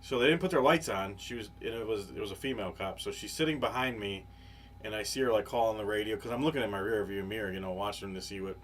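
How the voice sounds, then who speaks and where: A man's voice: lowish voice, fast talker. Rambling, profane man telling a story. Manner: rambling, profane, lots of fillers. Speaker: podcast co-host. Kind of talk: casual storytelling chat. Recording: live podcast, faint background noise.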